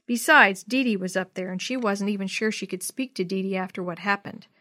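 A woman narrating a children's chapter book in a clear, steady storytelling voice. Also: medium pitch, brisk, dry recording.

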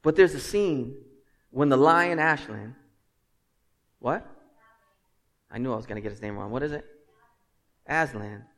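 A man preaching a sermon as pastor. He swings from hushed, earnest passages to loud, emphatic ones and jokes with the congregation. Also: mid-range voice, expressive, normal speed, long pauses. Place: church sanctuary. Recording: long reverb of a large hall.

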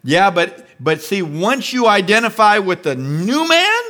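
Male pastor preaching, high bright voice, acts out little voices as he goes. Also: a little slow. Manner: animated preaching, acting out inner voices. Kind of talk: sermon.

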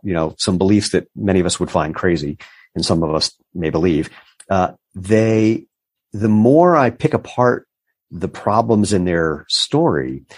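A man's voice: low voice, no room sound, clean studio sound. A man in his fifties, a business founder being interviewed, telling stories and acting out the voices of the people he quotes. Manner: animated storyteller who acts out quoted voices. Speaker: entrepreneur guest. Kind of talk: casual interview storytelling.

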